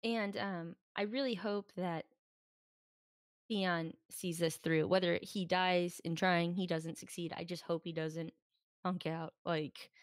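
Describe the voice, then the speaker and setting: A woman's voice: lowish voice, steady tone, slow pace, clear, resonant tone, no room sound, clean studio sound. A woman co-hosting a podcast in casual chat, talking freely and acting out quotes in exaggerated voices. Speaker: podcast co-host. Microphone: podcast microphone.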